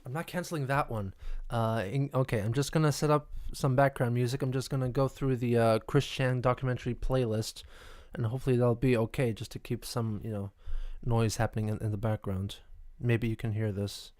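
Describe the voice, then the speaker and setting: A man's voice: mid-range voice, steady tone, a little fast, hardly any pauses, darkish tone. A man hosting a casual live stream, rambling and stammering as he reacts to the chat. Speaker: livestream host.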